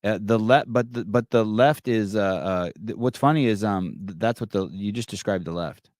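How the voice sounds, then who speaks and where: A man's voice: fairly low pitch, moderate pace, darkish tone, dry recording, studio quality. A middle-aged man hosting a live call-in podcast, brash, mocking and profane in casual chat. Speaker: podcast host.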